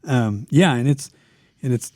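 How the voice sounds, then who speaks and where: A man's voice: medium pitch, unhurried, a little mellow, no room sound, studio quality. A man co-hosting a podcast, tossing in joking asides. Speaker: co-host and real estate agent. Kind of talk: casual podcast chat.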